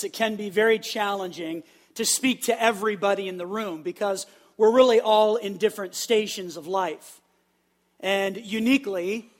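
High-voiced preaching pastor. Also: male voice. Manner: lively, leads the crowd in call-and-response. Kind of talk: sermon. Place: church sanctuary with live congregation.

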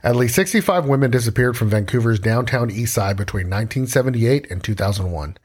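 A man's voice: mid-range voice, fast, breathy edge. A man hosting a podcast, reading the intro and then joking around in casual chat. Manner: playful, lively, jokey. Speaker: podcast host.

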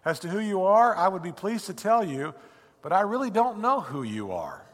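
Astonished angels answer in formal, reverent speech, as a preacher puts them on. The voice is a little high and varied in pitch. A long reverb trails after each phrase. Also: male voice, sing-song, moderate pace. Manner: formal, solemn.

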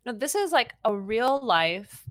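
A woman's voice: on the high side, very animated, measured pace, no echo, clean studio sound. A woman hosting a parenting podcast, explaining steps one by one in an encouraging, instructive way. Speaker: parenting podcast host and educator.

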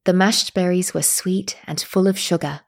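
Husky woman narrating a story. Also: on the low side, fairly even intonation, moderate pace. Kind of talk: first-person audiobook narration.

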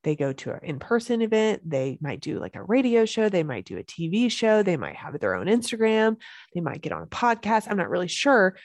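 A woman's voice: medium pitch, very animated, a little fast, dry recording. A woman hosting a solo podcast as a business coach, talking with energy and emphasis and repeating key phrases.

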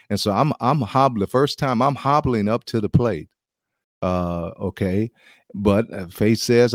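A middle-aged American man, a former baseball player, telling a lively testimony story with restarts and chuckles. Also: on the low side, measured pace, dry recording, clean studio sound. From United States.

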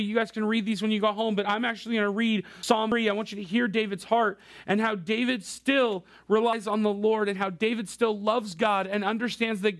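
A man in his thirties preaching a casual, conversational sermon as a youth pastor, addressing the crowd directly. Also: high-pitched.

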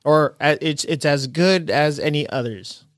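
A man's voice: fairly high pitch, unhurried, no echo, clean studio sound. A young man who works as a personal trainer, talking casually in a loose, rambling way with fillers and the odd swear word. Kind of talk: casual chat.

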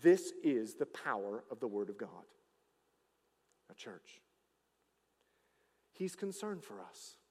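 A man preaching a sermon as pastor, swinging between loud declarations and hushed asides. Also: medium pitch, big pitch swings, takes it slowly, long pauses, breathy edge, long reverb tail.

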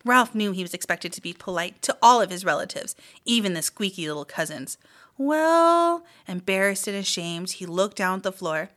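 A woman reading a children's chapter book aloud as a mystery reader, with lively, expressive storytelling. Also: fairly low pitch, brisk, few pauses.

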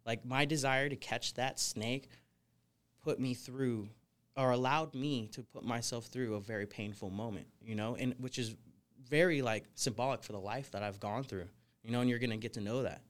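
A man's voice: mid-range voice, normal speed. A young man as a podcast guest, telling his life story casually and energetically, full of "you know" and "like". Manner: energetic, rambling, frequent fillers like "you know". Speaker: guest, snake wrangler.

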